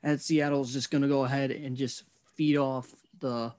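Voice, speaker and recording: A man hosting a casual sports talk show, excitable, swearing now and then and repeating his catchphrases. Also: medium pitch, moderate pace, dry recording, studio quality.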